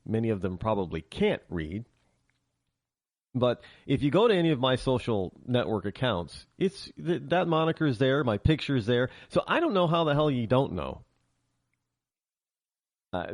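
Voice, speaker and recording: Animated, sarcastic male talk host. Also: medium pitch, dry recording, clean studio sound. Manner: opinionated, sarcastic, animated with frequent restarts. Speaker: radio talk show host. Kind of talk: conservative talk radio monologue.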